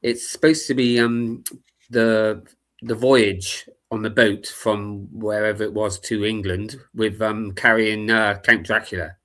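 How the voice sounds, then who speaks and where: A man's voice: lowish voice, flat delivery, measured pace, a bit bright. A man chatting as a guest on a stream panel, laid-back and hesitant, often trailing off. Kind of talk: casual chat.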